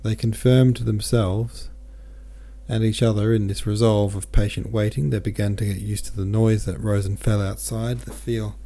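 A male podcast host reads a classic novel aloud as audiobook narration, his voice low and mellow. He keeps a steady, moderate pace, with small self-corrections along the way.

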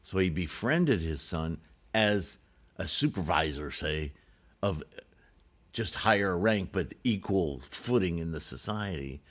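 A man's voice: sits low, expressive, slow pace. A man reading a Buddhist scripture aloud and breaking off into casual spoken commentary with frequent "right?" asides.

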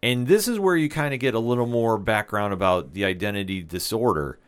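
A man with a fairly low voice walks through a TV episode scene by scene. He talks in a casual, measured, explanatory way. He sounds like a regular podcast co-host. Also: animated, clear, resonant tone. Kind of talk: casual TV recap discussion.

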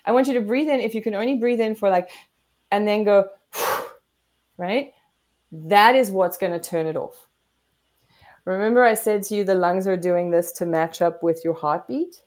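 A woman guest therapist explaining coping techniques in an animated way, acting out what her body and brain say. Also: mid-range voice, fairly quick. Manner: animated, demonstrates breathing and acts out inner voices.

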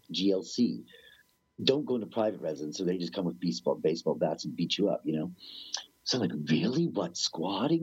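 A man telling stories in a rambling, animated way, swearing freely and acting out the people in them. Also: deep voice, breathy edge, dry recording, lo-fi sound. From Canada. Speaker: musician guest. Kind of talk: casual storytelling interview.

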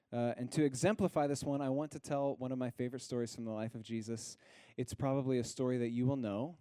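A man preaching a sermon as pastor. He talks earnestly, pauses on single words and drops to a hush on key lines. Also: medium pitch, no room sound, clean studio sound.

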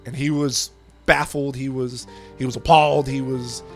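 A man's voice: mid-range voice, normal speed, soft background music. A man co-hosting a podcast, retelling a story in casual chat, swearing freely and acting out the quotes. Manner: profane, animated retelling with acted-out quotes. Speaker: podcast co-host.

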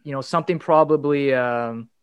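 A man chatting casually about a sports fight, animated, swearing and laughing between points. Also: mid-range voice, moderate pace, clean tone, dry recording.

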